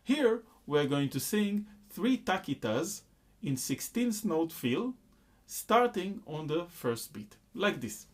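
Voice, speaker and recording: Slow, patient man teaching rhythm. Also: high voice, very animated, very noisy. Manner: slow, patient explaining, breaking into chanted syllables and claps. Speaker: music teacher. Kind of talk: rhythm lesson with sung syllables.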